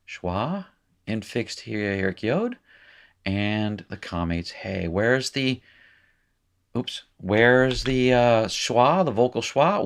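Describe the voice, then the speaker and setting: A man teaching a recorded lesson in a casual way, thinking aloud with fillers and small self-corrections. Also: fairly low pitch. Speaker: language teacher. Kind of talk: recorded lecture at a whiteboard.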